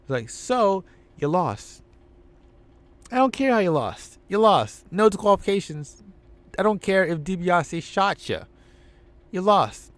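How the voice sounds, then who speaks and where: Brief: man as a bossy wrestling promoter, emphatic and high-pitched. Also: lively intonation, unhurried, long pauses, fairly bright tone, no echo.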